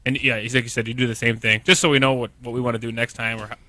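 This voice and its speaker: A young man with a Michigan accent, co-hosting a casual podcast and rambling through his points with many halting restarts. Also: medium pitch, flat delivery, sharp tone, no echo. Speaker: podcast co-host. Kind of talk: casual chat.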